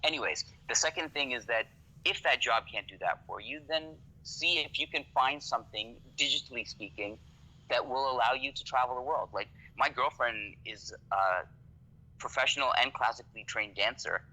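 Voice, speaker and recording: A man's voice: medium pitch, moderate pace, pushed and bright, rough recording. A man from Canada, a podcast guest talking casually, swearing freely and often checking "you know what I mean". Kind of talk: casual conversation.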